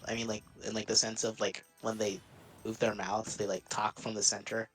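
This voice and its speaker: A man's voice: lowish voice, level tone, moderate pace, faint music behind. A young man streaming a game, giggling often and rambling with lots of fillers in casual chat. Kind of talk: casual chat while gaming.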